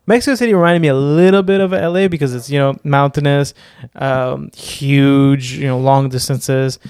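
A man's voice: mid-range voice, steady tone, normal speed, darkish tone, clean tone, dry recording. A man chatting casually in a rambling way, with many fillers and restarts. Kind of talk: casual chat.

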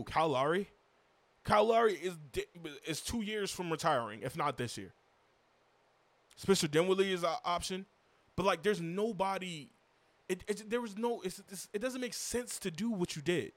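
Young guy venting about trades, kinda high voice, keeps tripping over his words. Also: no echo. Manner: frustrated fan rant, stumbling restarts and rhetorical questions. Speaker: sports podcast host. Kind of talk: solo basketball recap.

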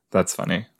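A man's voice: fairly low pitch, breathy edge, no echo, clean studio sound. A man hosting a casual watch-along podcast, chatting in a rambling way and talking to his listeners. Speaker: podcast host.

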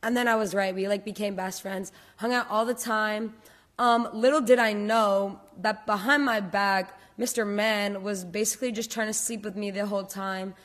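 A woman's voice: mid-range voice, fairly even intonation, moderate pace, a bit bright. A young adult woman talking candidly and rambling in casual podcast chat, with many filler words. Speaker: podcast host or guest.

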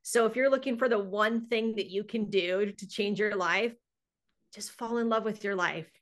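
A woman hosting a podcast, speaking in a calm, reflective, coaching tone. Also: medium pitch, moderate pace. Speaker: podcast host. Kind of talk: casual podcast conversation.

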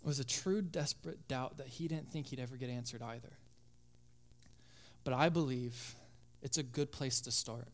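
A male pastor preaching a sermon with passion, acting out voices and dropping to a hush at times. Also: mid-range voice, moderate pace, long pauses. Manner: impassioned, acts out biblical voices, drops to hushed tones.

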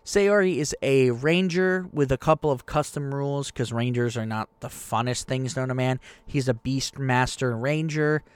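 Excitable young man hosting his game podcast. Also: mid-range voice, normal speed, hardly any pauses, smooth, dry recording. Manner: rambling, excitable, self-deprecating. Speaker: podcast host and game master. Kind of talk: casual podcast chat.

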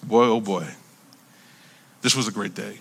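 Bright, animated preacher man. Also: fairly low pitch, measured pace, gravelly, husky. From United States. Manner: animated, conversational, repeats words while building stories. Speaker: pastor. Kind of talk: sermon storytelling.

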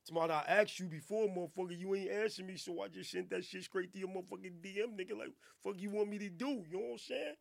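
A man hosting a radio podcast, riffing in casual, profane, animated banter. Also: high-pitched, fast talker, gravelly, hardly any pauses, faint music behind. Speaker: radio show host. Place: radio studio.

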